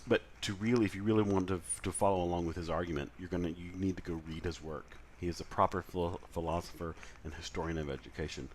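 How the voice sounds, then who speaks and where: A man's voice: low voice, steady tone, fast, hardly any pauses, a little hiss or hum. A man lecturing in a conversational way, with frequent fillers and self-corrections. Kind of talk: recorded lecture.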